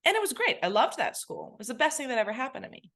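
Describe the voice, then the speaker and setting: A woman from England, a podcast guest, telling her personal story in an animated way and close to tears. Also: high voice, rapid-fire. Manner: animated, acts out remembered voices. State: emotional, near tears.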